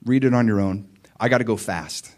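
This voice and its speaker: A man preaching a sermon, telling a personal story with lively swings between quiet muttering and loud, high cries. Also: a little fast.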